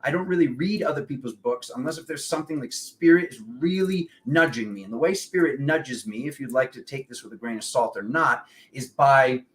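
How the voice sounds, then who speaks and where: A man's voice: mid-range voice, a little fast, hardly any pauses. A young adult man talking casually and rambling about spiritual topics, often acting out what friends said to him. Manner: rambling, animated, quoting friends in voices. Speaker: spiritual channel host.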